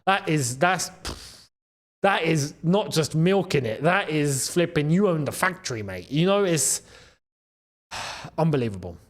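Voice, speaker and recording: Lively, high-voiced man talking football. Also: unhurried, pauses often. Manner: animated, excitable, with frequent laughs and repeated phrases. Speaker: football channel host. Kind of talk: casual football commentary to camera. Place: in the Gulf region.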